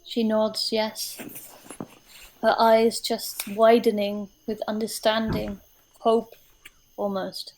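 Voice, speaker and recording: A woman narrating a tabletop game as game master, describing scenes slowly with many hesitations. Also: medium pitch, flat delivery, a little mellow.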